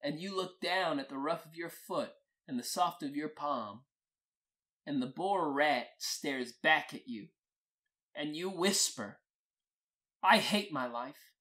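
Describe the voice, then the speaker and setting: A storyteller in a slow, poetic spoken-word style, blunt and profane in their phrasing. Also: medium pitch, a bit bright.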